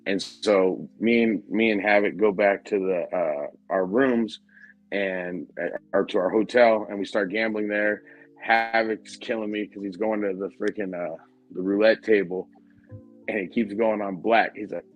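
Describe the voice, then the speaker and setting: A man's voice: fairly low pitch, normal speed, muffled recording, soft background music. A man hosting a casual podcast, telling a convention story with lots of swearing and laughter. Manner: profane, animated, laughing while telling stories. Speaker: podcast host.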